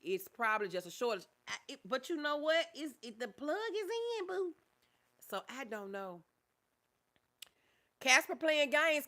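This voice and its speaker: Woman host, bright and animated, affectionate, reads chat aloud. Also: mid-range voice. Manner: affectionate, calls viewers baby, reads comments aloud. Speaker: livestream host, mental health therapist. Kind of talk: casual livestream chat reading comments.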